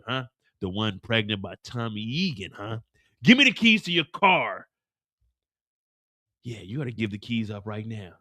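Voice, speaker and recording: A man voicing a menacing male hitman who taunts in a low growl and later swears shrilly in pain. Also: bright, forceful tone, dry recording, natural voice.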